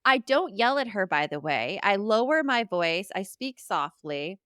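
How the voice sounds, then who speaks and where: A woman hosting a parenting podcast, chatting casually with animated asides and frequent laughter. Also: medium pitch, moderate pace, clear, resonant tone, no echo, clean studio sound. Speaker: podcast host.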